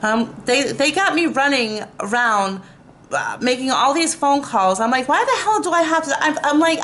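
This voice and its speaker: A woman's voice: high voice, fairly bright tone. A woman vlogger ranting to camera, exasperated and swearing, with lots of fillers and bursts of laughter at herself. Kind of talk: casual rant to camera.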